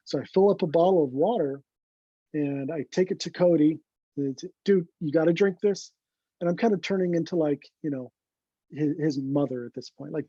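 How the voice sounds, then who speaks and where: A man, a guest photographer, telling an animated story in an interview and acting out what his friends said. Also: on the high side, normal speed, slightly rough, no echo. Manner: animated anecdote teller, acts out quoted friends. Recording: dull lo-fi recording.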